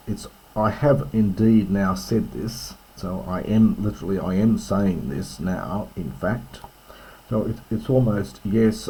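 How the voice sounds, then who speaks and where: Slow, deep-voiced man explaining Greek. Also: warm tone, a little hiss or hum, poor audio. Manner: slow, careful, with fillers and self-corrections. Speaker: classics teacher. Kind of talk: reading and explaining ancient Greek verse.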